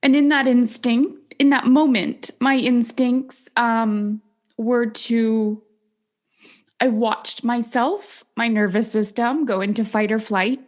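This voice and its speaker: A woman's voice: fairly high pitch, steady tone. Earnest woman telling a personal story. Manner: reflective, earnest, slows down on emphatic phrases. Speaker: podcast host.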